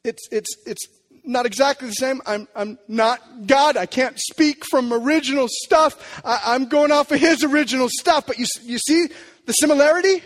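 A man preaching a sermon as pastor, emphatic and animated, sometimes dropping to a quiet, low delivery. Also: normal speed. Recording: long hall reverb.

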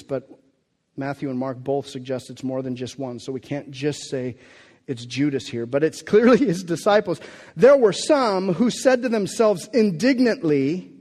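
A pastor's medium-pitched, somewhat mellow voice fills a large hall as he preaches in a conversational style. Rhetorical questions and restarted sentences run through his sermon.

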